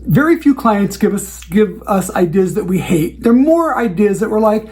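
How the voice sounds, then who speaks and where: A man's voice: high voice, big pitch swings, normal speed, a little mellow. Man, wedding DJ host, casual advice talk, conversational, acts out client dialogue.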